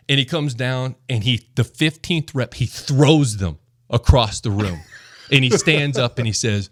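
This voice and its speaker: A man's voice: medium pitch, moderate pace, no room sound. A man, a former football lineman, telling stories as a guest in a casual podcast chat and acting out the quotes. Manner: animated storyteller, acts out quotes. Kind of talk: casual storytelling.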